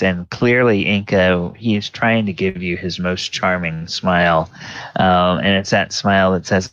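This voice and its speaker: A man running a tabletop game as game master, narrating slowly with many pauses and fillers. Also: deep voice, fairly bright tone, no room sound. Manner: slow, halting narration with many ums. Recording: slightly dull, lo-fi recording.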